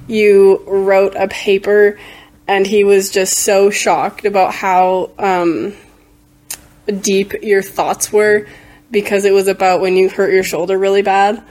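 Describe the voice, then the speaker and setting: A woman's voice: mid-range voice, level tone, takes it slowly, a little mellow. A woman hosting a podcast in casual chat, hesitant and giggly with many ums. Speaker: podcast host.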